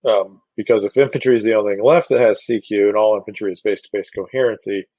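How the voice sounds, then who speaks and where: Low-voiced man checking the rules. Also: fairly even intonation, fast talker, warm tone, no echo, rough recording. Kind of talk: casual tabletop wargame chat.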